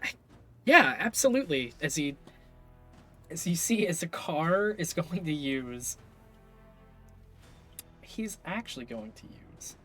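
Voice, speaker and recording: A man's voice: fairly high pitch, expressive, slow pace, pauses often, husky. Guy gm rambling thru the turn, lots of likes and uhs, bit of music behind. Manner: loose, filler-heavy narration with laughs. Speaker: game master. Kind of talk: narrating a tabletop game.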